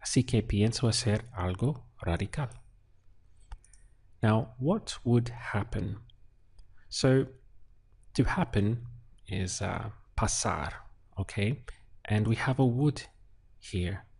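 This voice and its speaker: A man teaching Spanish, calmly working through a translation step by step and thinking aloud with small pauses. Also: on the low side, vocal fry, slightly rough. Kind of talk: unhurried lesson walkthrough while writing.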